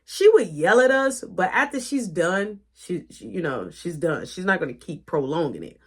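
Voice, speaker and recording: Animated woman telling a story. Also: lowish voice, moderate pace, breathy edge. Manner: lively, profane, animated retelling. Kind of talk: casual storytime narration.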